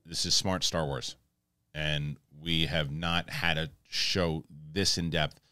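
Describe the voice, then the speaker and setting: Male host, very low voice, dry close mic; casual and animated, acts out quotes, stumbles and restarts. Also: slow, smooth, dry recording. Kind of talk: casual review recap.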